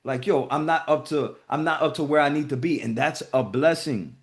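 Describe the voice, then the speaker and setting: A man's voice: a little high, moderate pace. A man hosting a group video call, giving casual motivational talk in a profane, emphatic way.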